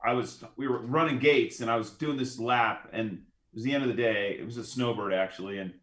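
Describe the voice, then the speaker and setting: A middle-aged man as a podcast guest, telling stories in an easygoing, relaxed way. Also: mid-range voice, brisk. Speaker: guest, former Olympic skier. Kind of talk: casual interview conversation. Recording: roomy, echoey room sound.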